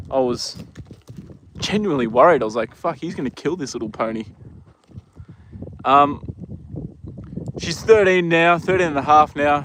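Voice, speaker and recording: A young man with a mid-range, slightly bright voice chats casually on a livestream from a horse paddock, with a little background noise. He rambles, swears lightly, and talks to his horse between stories.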